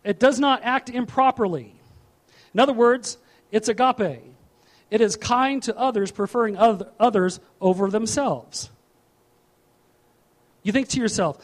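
A male pastor preaching a sermon in an animated, humorous way, repeating his key phrases. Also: high-pitched, unhurried, long pauses.

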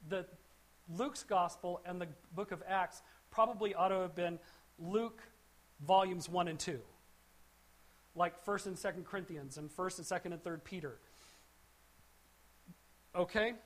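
A woman's voice: fairly low pitch, unhurried, long pauses. Conversational woman teaching scripture. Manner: conversational, with frequent restarts and asides. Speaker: Bible teacher. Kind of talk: verse-by-verse Bible teaching.

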